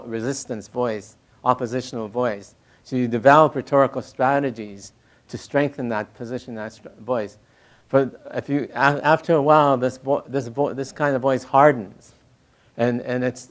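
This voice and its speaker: Older man, halting reflective talk. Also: medium pitch. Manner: halting, many restarts, soft laughs. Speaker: poet and critic interviewee.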